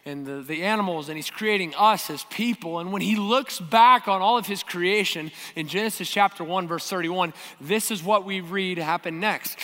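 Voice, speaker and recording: High, bright-voiced male pastor preaching. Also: animated, normal speed, long reverb tail. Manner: earnest, direct, rhetorical questions to the congregation. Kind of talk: sermon.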